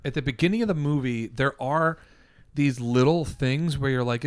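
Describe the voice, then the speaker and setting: Swearing, animated male podcast co-host. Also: medium pitch, moderate pace, clean tone, dry recording. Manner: animated, swearing, retells jokes in voices. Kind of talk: casual chat.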